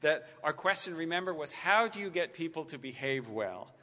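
In a muffled lecture hall full of long reverb, a man speaks a little high, at normal speed, with lively intonation and a bright, forceful tone. He delivers a public talk, then fields questions from the audience, mixing dry, wry humor with many stammered restarts.

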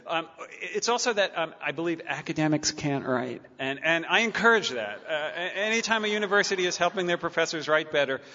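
This man's fairly high voice is bright and forceful, moving briskly with lively intonation and hardly any pauses. As a lecturer, he gives a talk and answers audience questions with wry, dry humor, often stammering and starting over. The recording, made in a lecture hall, sounds muffled and carries long reverb.

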